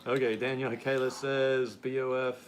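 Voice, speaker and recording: A man's voice: mid-range voice, level tone, normal speed, slight background noise. American guy chatting through viewer comments. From United States. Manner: reads viewer comments aloud, laughs often. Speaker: podcast host. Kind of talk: casual live-stream chat.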